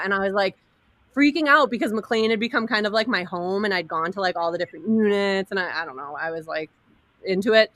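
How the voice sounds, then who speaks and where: Bright, animated woman telling a story. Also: mid-range voice, brisk, no room sound. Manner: animated, laughing often, acting out quotes. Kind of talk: casual storytelling chat.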